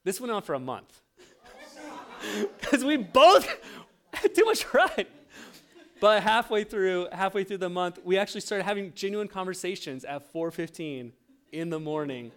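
A man's voice: fairly high pitch, clean tone. A young man preaching a sermon, telling a self-mocking personal story with laughter. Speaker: pastor.

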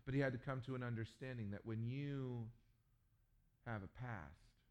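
Male pastor, mid-pitched, animated joking sermon delivery with loud bursts. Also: moderate pace. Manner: animated storytelling with jokes and sudden loud bursts.

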